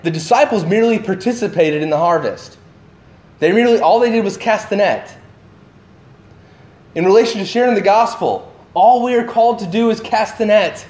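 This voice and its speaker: A man giving a sermon, animated and full of questions to his listeners, acting out the voices of the people in his story. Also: high-pitched, reverberant. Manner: animated, acts out voices of the disciples; asks the listeners many questions. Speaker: pastor.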